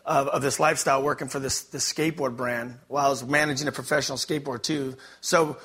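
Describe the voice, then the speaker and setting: A man's voice: mid-range voice, fairly even intonation, fast, sharp tone, slightly rough. A man from Los Angeles, giving a rambling, candid personal testimony to an audience. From Los Angeles, USA. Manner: rambling and candid, many fillers and restarts.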